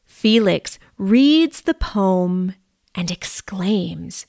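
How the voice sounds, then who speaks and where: A woman reading a simple story aloud for language learners, clear and deliberate. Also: medium pitch, animated, dry recording, studio quality.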